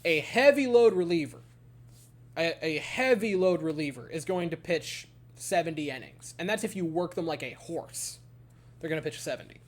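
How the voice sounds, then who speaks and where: A man giving a casual baseball game recap, ranting in an exasperated, animated way. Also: fairly high pitch, normal speed. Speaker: baseball fan commentator.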